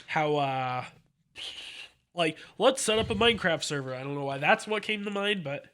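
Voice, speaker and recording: A man's voice: fairly high pitch, expressive, moderate pace, fairly bright tone. A man hosting a casual podcast chat, reading web listings aloud with chuckles and trailing asides. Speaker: podcast host browsing the dark web.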